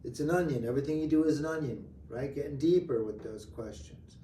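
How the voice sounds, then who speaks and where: A man teaching a real estate training class live, acting out client dialogue in an animated way. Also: medium pitch, a little fast, slight background noise. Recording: echoey room from far off.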